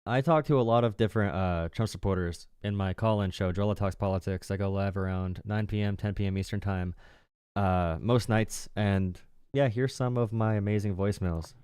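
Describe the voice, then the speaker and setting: A man's voice: fairly low pitch, moderate pace, a little mellow, clean tone, dry recording, studio quality. A young man hosting a political livestream, talking casually with a sarcastic, mocking tone and frequent laughs. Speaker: political streamer and call-in show host.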